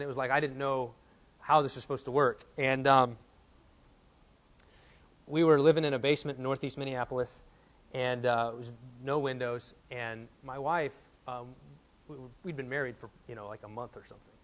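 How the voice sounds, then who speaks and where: A man's voice: medium pitch, fairly even intonation, brisk, a bit bright. A man from Texas in his thirties preaching a sermon as a pastor, telling a personal story and building to emphatic points.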